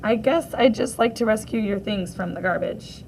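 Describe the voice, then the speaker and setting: A woman voicing a kind, encouraging schoolgirl friend in a storybook read-aloud, in a soft and gentle way. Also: mid-range voice, normal speed, creaky, a little hiss or hum, close to an everyday voice, rough recording.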